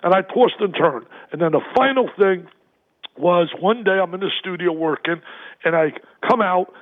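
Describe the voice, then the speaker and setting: High, tinny phone-line voice of an older man. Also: normal speed. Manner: emphatic, repetitive, energetic storyteller. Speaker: guest, basketball analyst. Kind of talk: phone-in radio interview.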